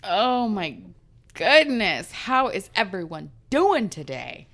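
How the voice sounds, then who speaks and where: A woman's voice: mid-range voice, very animated, takes it slowly, fairly bright tone. A young woman co-hosting a casual book podcast, laughing often as she tells stories. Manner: giggly, storytelling. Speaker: podcast co-host. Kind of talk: casual chat.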